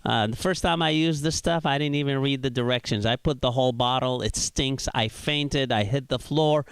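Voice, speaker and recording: A middle-aged man from Iraq, performing a stand-up set with deadpan delivery and quick voices for the people he quotes. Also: mid-range voice, clean tone, no room sound. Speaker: stand-up comedian. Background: audience laughter.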